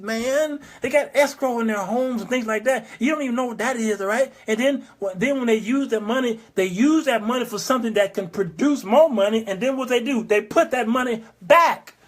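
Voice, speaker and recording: A man in his fifties hosting a talk show, preaching in an emphatic monologue, repeating phrases and acting out the people he quotes. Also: very high voice. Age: 50s. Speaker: show host.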